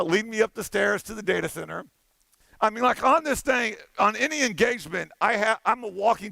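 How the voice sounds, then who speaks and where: A man on a conference stage tells a story, animated and playful, slipping into the voices of the people in it. His voice sits high and bright with a gravelly edge. The sound is dry and close. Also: no echo. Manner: animated, playful, acts out dialogue. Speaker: conference keynote speaker.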